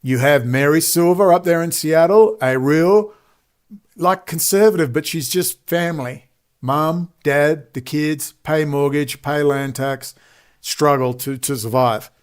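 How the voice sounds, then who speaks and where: A combative Australian man rants to camera in a loud, sarcastic monologue. His voice sits a touch higher than most men's. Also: unhurried. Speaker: online commentator.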